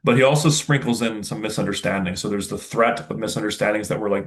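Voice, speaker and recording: A man's voice: fairly low pitch, steady tone, brisk. A young male teacher reading a text aloud and explaining it to students in a casual, chatty way, with many likes and ums.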